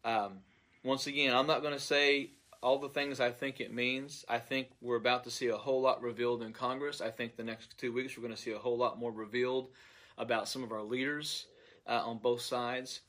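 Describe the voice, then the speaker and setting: Earnest man recounting a dream, halting. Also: mid-range voice, level tone, fairly bright tone. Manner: earnest, halting, repeats words while searching for them. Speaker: pastor. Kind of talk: recounting a dream, unscripted monologue.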